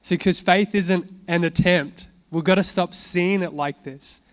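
A man preaching with an animated, storytelling manner, breaking off into casual asides and chuckles. His voice sits a little high for a man. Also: unhurried. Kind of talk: sermon with testimony.

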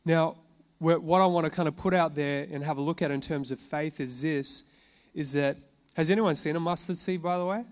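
A man preaching to a congregation, reading scripture slowly and then explaining it in a relaxed conversational way, with fillers and questions to the room. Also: a little high. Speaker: pastor. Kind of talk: sermon. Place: church gathering addressing a congregation.

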